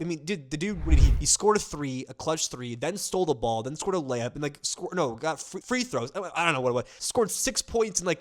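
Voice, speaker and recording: A young man riffing on sports in a casual, joking way, his voice sitting a little higher than most men's. He rambles, restarts his sentences, and mimics players in silly voices. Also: a bit bright. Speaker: sports commentary host.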